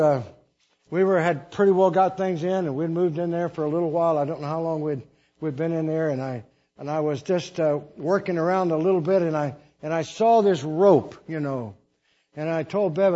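Older male preacher, husky higher voice, folksy storytelling sermon, dull lo-fi sound. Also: mellow. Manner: folksy, rambling with restarts and laughs. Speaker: missionary preacher.

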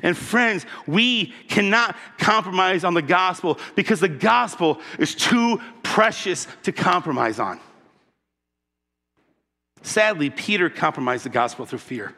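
Male pastor, high and bright, emphatic sermon delivery with congregation call-outs, long hall reverb. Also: expressive, unhurried, vocal fry. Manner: impassioned, emphatic preaching with call-and-response.

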